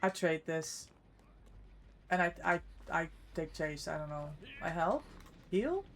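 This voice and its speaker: A woman's voice: sits low, very animated, slow, slight background noise. A woman streaming a game, commenting on her play to herself with panicky outbursts. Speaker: streamer and competitive player. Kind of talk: live gameplay commentary.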